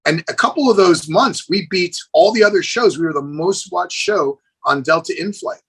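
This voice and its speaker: A middle-aged man with a fairly high, husky voice, talking fast and eagerly as a guest in a casual podcast chat. He tells his stories with plenty of energy and throws in "dude" often. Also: low-quality recording. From United States. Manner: enthusiastic, animated storyteller, says "dude". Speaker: guest, celebrity fitness trainer.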